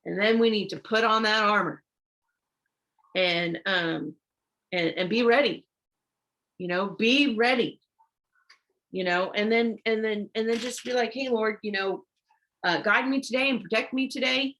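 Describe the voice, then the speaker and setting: A woman gives an informal online sermon, reads scripture, and urges listeners on with "okay?" and "y'all", stumbling and restarting when she rushes. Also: fairly high pitch, a bit bright. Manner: urgent and exhortative, repeats herself, frequent "okay?" and "y'all". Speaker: online preacher.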